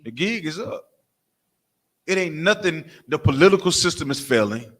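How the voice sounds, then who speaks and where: A preacher at a religious camp, his voice slightly high and his speed normal, gives a fiery sermon in street style. Cursing liberally, he throws out rhetorical questions and call-and-response lines, staying animated and imitating crying and barking to get laughs.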